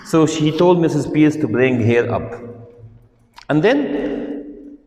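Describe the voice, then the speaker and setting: A man teaching an online literature lesson, reading quotes aloud and explaining them. He talks slowly and deliberately, rephrasing his points and filling pauses with "uh". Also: on the high side, expressive, darkish tone. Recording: roomy with a long echo.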